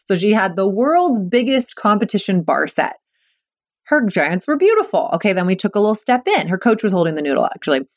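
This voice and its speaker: A woman's voice: mid-range voice, very animated, fairly quick, no echo, clean studio sound. A woman mental performance coach talking energetically on a podcast, encouraging and acting out what kids and coaches say. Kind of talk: podcast monologue.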